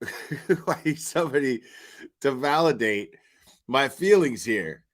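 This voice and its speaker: A young man hosts his channel with a heated, profane vlog rant, stammering and restarting as he goes. He speaks slowly at a medium pitch with lively intonation.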